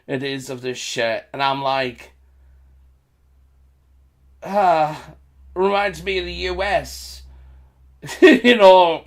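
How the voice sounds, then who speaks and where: A British man speaking slowly in a fairly high voice for a man. He rambles through a casual vlog commentary, repeating phrases and chuckling between remarks. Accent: British English. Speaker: vlogger.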